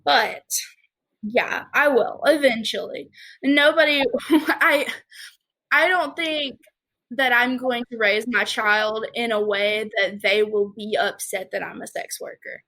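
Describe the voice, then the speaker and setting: A woman's voice: a little high, takes it slowly, bright, forceful tone, low-quality recording. A young woman with a Southern US accent, chatting candidly as a podcast guest and laughing often. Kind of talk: casual chat.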